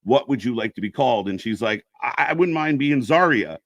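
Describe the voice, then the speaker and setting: This man co-hosts a live wrestling fan stream, reading out the chat while bantering casually, joking, swearing, and laughing loudly. His medium-pitched voice is expressive and brisk, and the lo-fi recording has no room sound.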